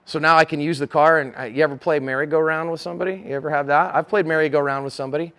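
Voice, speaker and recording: Middle-aged man lecturing, higher-pitched voice. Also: steady tone, racing, fairly bright tone, smooth. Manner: conversational, acts out dialogue in character voices. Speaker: self-defense instructor. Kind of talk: conference lecture.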